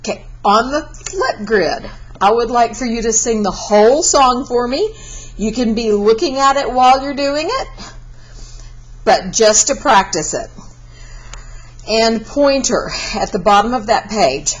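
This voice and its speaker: A woman's voice: fairly high pitch, animated, measured pace, poor audio. A Spanish teacher. She gives a recorded class lesson in a chatty, encouraging way and breaks into sung verses.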